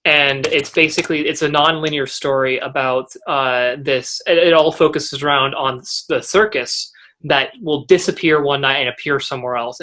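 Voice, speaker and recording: Rambling teenage boy, mid-pitched. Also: bright, forceful tone. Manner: rambling, halting, many restarts. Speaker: young actor, co-host. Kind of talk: casual interview chat.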